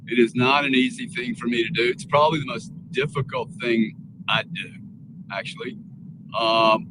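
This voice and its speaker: A man's voice: mid-range voice, background noise. A man speaking earnestly and rambling with many restarts as a guest on a casual live panel talk.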